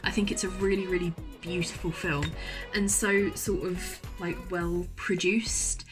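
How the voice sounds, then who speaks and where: A woman's voice: lowish voice, flat delivery, measured pace, over music. A young woman in casual chat to camera, gushing and enthusiastic, often repeating herself, speaking from her university bedroom. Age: young adult. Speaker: vlogger.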